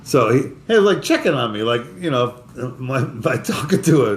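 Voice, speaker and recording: A man's voice: medium pitch, big pitch swings, a little hiss or hum. Rambling male podcast co-host. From Florida. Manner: rambling, halting with many restarts. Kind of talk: casual storytelling chat.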